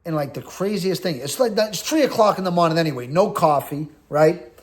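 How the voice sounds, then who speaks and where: A middle-aged man from talks in a slightly high voice. He tells his story casually and bluntly, circling back on himself with plenty of fillers as he goes. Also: lively intonation, a little fast. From Boston area. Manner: rambling and conversational, full of "like" and "you know", blunt street talk. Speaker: host recounting prison experience.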